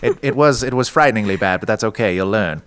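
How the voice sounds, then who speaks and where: A man's voice: fairly low pitch, lively intonation, quick pace, fairly bright tone, clear, resonant tone. A man hosting a podcast in casual chat with his co-hosts, playful and joking as he wraps up the episode. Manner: playful, jokey, wraps up the show. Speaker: podcast host.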